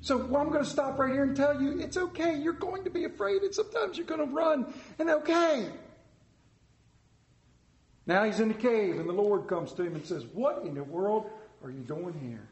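A man preaches in an easy, conversational way, turning to his listeners with questions. His voice sits fairly high for a man. The room around him is echoey. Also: lively intonation, moderate pace. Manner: conversational, asks the congregation questions. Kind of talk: interactive sermon.

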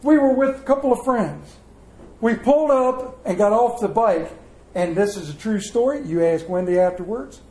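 A man preaches in a high, light voice, spinning folksy stories and slipping into the voices of their people. The sound rings around an echoey church room. It feels like a live sermon from the pulpit. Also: expressive, moderate pace, darkish tone. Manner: folksy storytelling, acts out voices. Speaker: pastor.

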